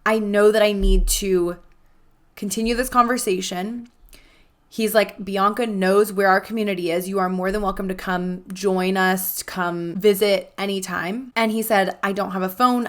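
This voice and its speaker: A young adult woman tells a personal story on her podcast. She talks casually and with animation, slipping into the voices of the people in her story and filling her speech with "like.". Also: medium pitch. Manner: animated, acts out quoted dialogue, frequent "like". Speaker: podcast host.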